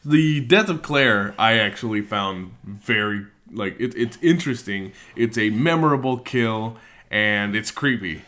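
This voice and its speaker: A man co-hosting a casual film podcast, relaxed and thoughtful, laughing along. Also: lowish voice, unhurried. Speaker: podcast co-host.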